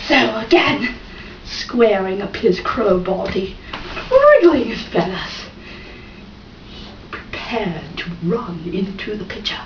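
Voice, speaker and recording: A woman telling a fable in an expressive storytelling style, dramatic with sudden pitch jumps and whispered asides. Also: slow pace. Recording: roomy, distant, dull and noisy.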